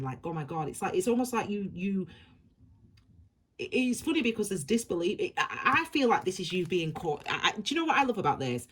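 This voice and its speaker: A woman's voice: lowish voice, very animated, fairly quick, slight background noise. A woman giving a tarot reading, rambling and repeating herself as she gushes reassurance at her viewers. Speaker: tarot reader.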